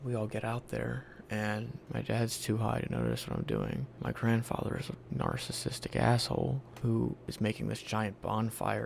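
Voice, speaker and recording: A man's voice: fairly low pitch, big pitch swings, moderate pace, creaky, hardly any pauses, a little mellow, a little hiss or hum. A young man from Virginia casually telling his life story in a blunt, profane, candid way, acting out what people said to him. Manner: blunt, profane, candid, acts out quoted lines.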